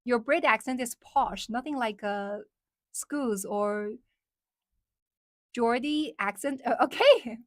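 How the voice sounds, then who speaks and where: A woman's voice: on the high side, measured pace, dry recording, studio quality. A woman from China speaking English with a Chinese accent, hosting a casual live stream, chatty, laughing often and repeating words as she restarts.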